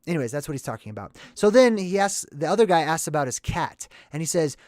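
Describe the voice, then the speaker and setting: A man hosting a casual movie commentary video, talking in a chatty, excitable and rambling way. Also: a little high, quick pace, hardly any pauses, dry recording, studio quality.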